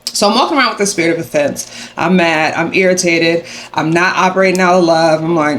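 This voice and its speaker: A young adult woman sharing a personal faith testimony to camera, animated and acting out her own angry retorts. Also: lowish voice, a little fast, slight background noise. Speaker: faith vlogger.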